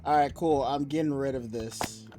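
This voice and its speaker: A man's voice: mid-range voice, moderate pace, soft background music. A man streaming a game with a friend, chatting casually, laughing often and talking to himself as he plays. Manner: laughs often, excitable, talks to himself while playing. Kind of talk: casual gaming stream chat.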